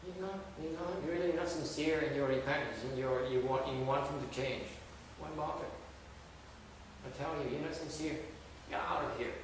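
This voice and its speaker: A man's voice: fairly high pitch, moderate pace, background noise. A man giving a dharma talk as a Buddhist master, blunt and scolding, with many rhetorical questions. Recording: echoey hall from far off.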